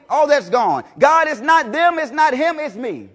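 High-voiced man preaching a sermon. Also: sing-song, normal speed. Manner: emphatic, swinging between loud declarations and low intensity; repetitive, rhetorical questions to the congregation.

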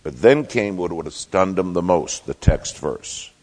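A low-pitched male pastor delivering a sermon in a church sanctuary. He preaches emphatically, rising to loud declarations and dropping to hushed asides. His voice rings with the long reverb of a large hall. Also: lively intonation, unhurried.

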